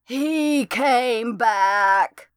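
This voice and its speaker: A slow gravelly wailing ghost woman. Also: fairly high pitch, no echo, studio quality, pitched above the performer's own voice. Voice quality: husky, gravelly, slow drawn-out.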